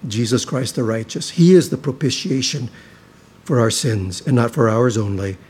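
A man preaching a sermon as a pastor, earnest and emphatic, with frequent restarts and stretches where he drops to a quieter, intense delivery. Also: medium pitch, normal speed, husky.

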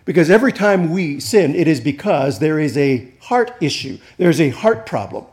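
High-voiced preaching man. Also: big pitch swings, normal speed, darkish tone. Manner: conversational preaching with humor and audience asides. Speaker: pastor. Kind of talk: sermon.

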